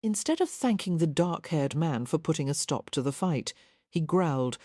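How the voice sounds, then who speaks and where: A woman reading an audiobook in a measured, even storytelling manner. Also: low voice, no echo, studio quality. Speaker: audiobook narrator. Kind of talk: scripted narration.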